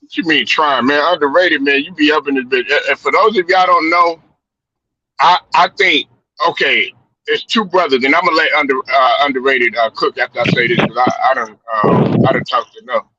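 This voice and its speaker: A man's voice: fairly high pitch, moderate pace, bright, forceful tone, slightly rough, no echo. A man hosting a casual sports chat show, rambling loosely and swearing freely. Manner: loose, profane, rambling storytelling. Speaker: podcast host. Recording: dull lo-fi stream audio.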